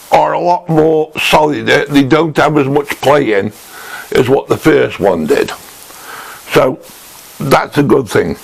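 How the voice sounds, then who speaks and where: A man giving a casual show-and-tell review of a woodworking tool in his home workshop, talking slowly and thinking aloud with restarts, picked up on a camera mic as he handles the tool. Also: fairly high pitch, vocal fry, low-quality recording.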